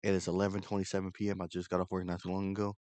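A man's voice: low-pitched, completely flat delivery, rapid-fire, a little mellow, slight background noise. A young man commentating his own gameplay, angry and frustrated, swearing constantly. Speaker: gaming channel host.

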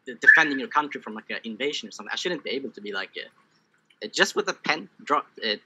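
A man rambles quickly through a casual podcast chat, with a lively, bouncing pitch. His voice is bright and sharp. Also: slightly rough. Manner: rambling, full of "like" and restarts. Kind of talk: casual discussion.

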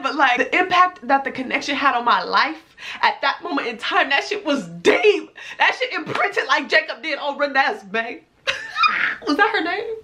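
A woman in her twenties telling a casual storytime to camera at home, animated and expressive, swearing freely. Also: a little high, normal speed. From United States. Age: 20s. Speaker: vlogger. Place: indoors at home, talking to a camera.

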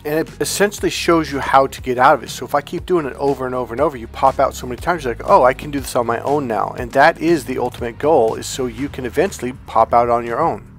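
A man hosting his own channel as a self-help coach, talking to camera in a relaxed, rambling way that keeps checking in with "okay?". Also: medium pitch, fast talker, hardly any pauses, soft background music. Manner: rambling and conversational, with restarts and "okay?" check-ins; calm, relaxed, comfortable delivery. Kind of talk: casual direct-to-camera talk.

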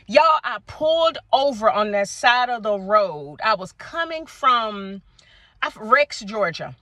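A middle-aged woman, telling her faith testimony to viewers in an animated, preacher-like way and calling them y'all. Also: on the high side, measured pace, no room sound. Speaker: vlogger sharing a faith testimony. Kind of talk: casual testimony talk to viewers. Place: outdoors at sunset.

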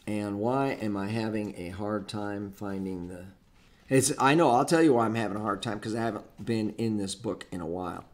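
A man with a lowish voice, speaking at normal speed, teaches an informal Bible study lesson on Greek grammar. He explains things step by step, rambling and muttering to himself as he hunts through a book.

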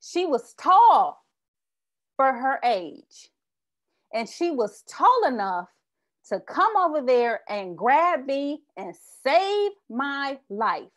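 A woman's voice: high-pitched, very animated, slow pace. A young woman giving a sermon built on a personal story, repeating short refrains for emphasis. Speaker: speaker.

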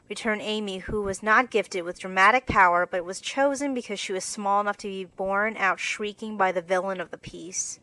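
A woman narrating a classic storybook in a clear, expressive reading. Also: medium pitch, moderate pace, hardly any pauses, no echo, rough recording.

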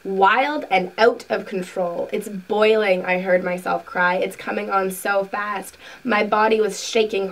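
A woman hosting a spiritual video, reading a book passage aloud slowly and earnestly, then talking casually to her viewers. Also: mid-range voice, recorded from a distance, low-quality recording. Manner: slow, soft, earnest reading with asides.

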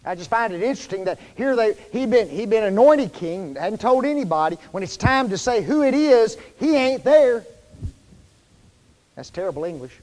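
High-pitched guy preaching in church, folksy, keeps quizzing the crowd, lots of hall reverb. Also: lively intonation, normal speed, darkish tone. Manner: conversational, quizzes the congregation with fill-in questions; folksy, informal wording. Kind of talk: sermon. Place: church sanctuary.

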